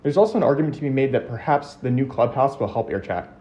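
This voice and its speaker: A man speaks quickly and with conviction while riding a bike, a little out of breath. His tone is warm and mellow. He talks in a relaxed, casual way. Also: mid-range voice. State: slightly out of breath. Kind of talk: casual chat.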